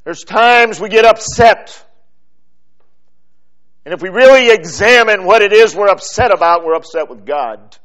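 Male preacher, fairly high voice, slow and deliberate sermon delivery with dramatic pauses. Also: expressive, fairly bright tone.

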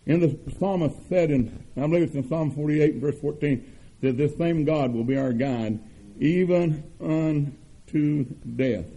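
An older man preaching a sermon, with an earnest cadence, emphatic repetitions and drawn-out stresses. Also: a little high, dark tone, breathy edge, rough recording. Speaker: pastor.

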